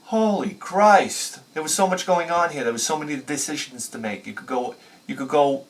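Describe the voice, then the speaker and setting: A man hosting a retro game video, telling rambling stories in an animated, profane way and laughing at his own jokes. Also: on the high side, normal speed, far from the mic, background noise. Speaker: retro game channel host. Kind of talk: rambling storytelling review.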